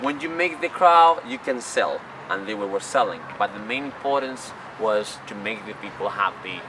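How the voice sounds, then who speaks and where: A man's voice: fairly low pitch, animated, normal speed. Chatty man telling stories outdoors. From Chile. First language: Spanish. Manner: chatty, rambling, non-native phrasing. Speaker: job applicant, tourist guide. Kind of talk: casual storytelling to camera. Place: outdoors in a city. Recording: distant mic, loud street noise.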